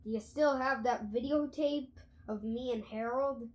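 A woman's voice: a little high, unhurried, muffled recording, natural voice. George, a woman voicing an eager schoolboy prankster. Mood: commanding. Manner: excited, eager. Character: scheming mischievous schoolboy prankster.

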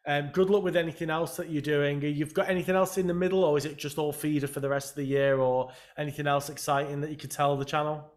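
A man hosting a casual interview chat, upbeat and quick to laugh with enthusiastic reactions. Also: fairly high pitch, fairly even intonation. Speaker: host.

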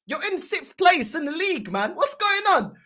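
A woman's voice: very high-pitched, big pitch swings, moderate pace, bright, forceful tone. A woman hosting a football reaction channel, giving casual commentary with teasing, slangy banter and frequent laughs.

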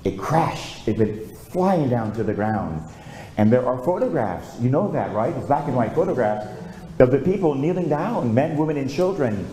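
A priest giving a homily, telling a story with lively, conversational preaching and calling out for amens, in a church. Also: male voice, medium pitch, normal speed, a little hiss or hum. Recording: echoey church.

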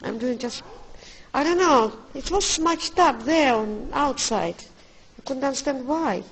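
Woman, fairly high voice, faint background hiss, handheld camera vlog, affectionate coaxing mother, simple non-native English. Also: animated, measured pace, low-quality recording. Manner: coaxing and affectionate, keeps calling her child darling. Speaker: mother filming a family outing. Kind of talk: casual handheld vlog narration. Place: outdoors by an old church, then inside it.

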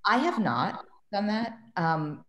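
A woman's voice: medium pitch, slow. A woman, a guest medium and tarot reader, chatting casually on a podcast and telling stories with acted-out quotes. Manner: animated storytelling, acts out quotes. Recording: echoey room.

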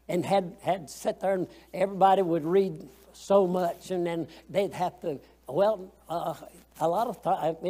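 A man's voice: high voice, warm tone. A man teaching a Sunday school lesson, folksy and colloquial, asking the class questions as he goes.

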